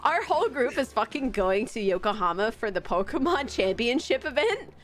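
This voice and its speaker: A woman chats with friends on a live stream, her voice high and swinging widely as she rants. She swears freely and breaks into laughter often, with faint music under the talk. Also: big pitch swings, normal speed. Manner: ranting, profane, laughing often. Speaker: streamer, host of the live dub. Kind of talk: casual chat.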